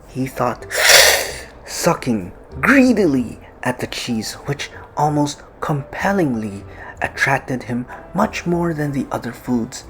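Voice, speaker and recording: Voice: medium pitch, lively intonation, slight background noise. Playful storyteller explaining words as they go. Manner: pauses to restate harder words in plain English; playful, acts out quoted lines. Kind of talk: read-aloud storytelling with word explanations.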